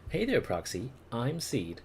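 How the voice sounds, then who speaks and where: A man's voice: mid-range voice, wildly swooping pitch, a little slow, gravelly, darkish tone, a little hiss or hum, voice pushed up, exaggerated voice. A man voicing a bubbly young woman who pilots a mech, in a light, floaty, raised voice. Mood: playful.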